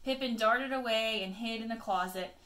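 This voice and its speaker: A woman teacher reading a picture book aloud to children, expressive, with chatty asides to her pupils. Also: a little high, moderate pace, echoey room.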